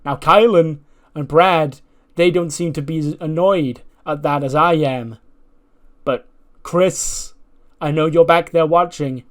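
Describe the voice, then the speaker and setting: A brash young male wrestler, as a man acts him out taunts a much bigger opponent. He pitches his voice up and stretches out his words, cocky and provoking. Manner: raised, drawn-out, taunting.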